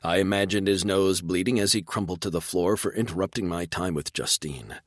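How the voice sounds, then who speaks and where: A man narrating a romance audiobook in the first person, intense and measured. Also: low-pitched, no echo, clean studio sound.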